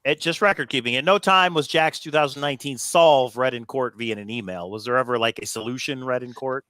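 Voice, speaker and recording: A man's voice: mid-range voice, brisk, pushed and bright, dry recording. A man hosting a casual livestream, reading viewer questions out plainly. His mid-range voice comes through dry, with no room sound around it. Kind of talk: casual online Q&A.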